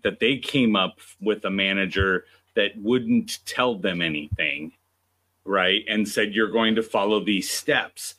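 A man's voice: lowish voice, bright, forceful tone. A man giving interview answers as a guest sales trainer, explaining his points casually.

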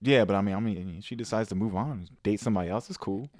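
A man's voice: fairly low pitch, fast, no room sound, clean studio sound. A man co-hosting a podcast, telling a story with lots of swearing. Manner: animated storytelling, swears a lot. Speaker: podcast co-host. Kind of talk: casual chat.

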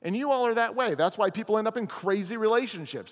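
A man preaching a chapel sermon as a pastor, telling a story with lively acted-out lines. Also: high voice, fairly quick, few pauses, in a large hall. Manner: animated storyteller, acts out characters' lines. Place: chapel or meeting hall.

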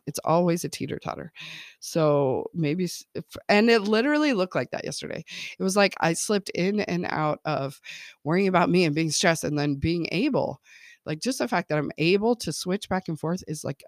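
A woman's voice: on the low side, no echo, studio quality. A woman parenting coach talking casually, laughing often and checking in with her listeners. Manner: chatty, laughs often, keeps checking in with "okay?" and "right?".

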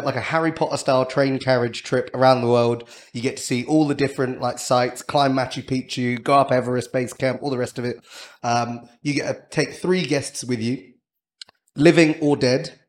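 A man hosting a casual podcast interview, firing off quick questions and teasing his guest with plenty of laughter. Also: mid-range voice, fairly even intonation. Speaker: podcast host.

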